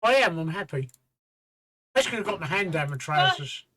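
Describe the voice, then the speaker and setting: Man co-hosting a livestream, older, bright voice, lively pitch, blunt sweary storytelling. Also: brisk. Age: 50s or 60s. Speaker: stream co-host. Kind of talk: casual livestream chat.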